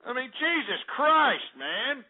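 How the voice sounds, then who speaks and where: A man hosts a call-in radio show and rants at his listeners, exasperated and profane, circling back on the same complaints. His voice sits high and sounds breathy and rough. The audio is narrow and tinny, like a phone line. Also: big pitch swings, takes it slowly. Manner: profane, exasperated ranting with repeated fillers. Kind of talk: ranting talk radio monologue.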